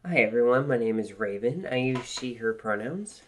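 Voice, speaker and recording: A woman's voice: rumbling low, animated, normal speed, soft background music. A woman co-hosting a podcast in casual chat, speaking hesitantly with frequent filler words, recorded in a newly moved-into apartment. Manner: apologetic, hesitant, many ums and likes. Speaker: podcast co-host.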